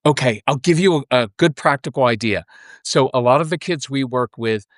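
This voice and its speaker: A middle-aged man talking as a podcast guest about parenting, animated and acting out little scenes of parent and child. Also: mid-range voice, a little fast, dry recording, studio quality. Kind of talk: casual interview conversation.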